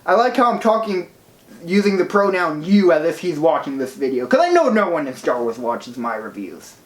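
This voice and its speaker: A movie reviewer talking in a casual video review, gushing and excitable, who swears for emphasis. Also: medium pitch, moderate pace. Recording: roomy echo.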